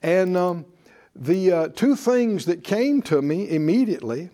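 An older man preaches a Bible class at an unhurried pace, his voice higher than most men's yet mellow and warm. He is folksy, chuckles at his own asides, and presses his points with rhetorical questions. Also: lively intonation. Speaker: preacher and teacher. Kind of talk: sermon-style Bible class.

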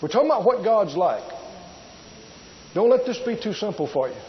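Very animated and high-pitched, a man delivers an emphatic, drawn-out sermon at normal speed, repeating key words and putting rhetorical questions to his congregation. The highs are cut off and there is slight background noise.

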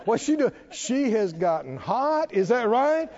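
A man's voice: extremely high pitch, sing-song, measured pace, hardly any pauses, darkish tone, lo-fi sound. A man preaching a sermon, drawing call-and-response replies from his congregation. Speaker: pastor.

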